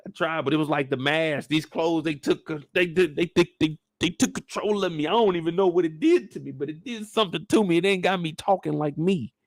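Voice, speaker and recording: A man hosting a casual, joking recap of a TV episode, animated and profane. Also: on the high side, brisk, hardly any pauses, dry recording, clean studio sound. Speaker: YouTube show recap host. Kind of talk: casual comedic commentary.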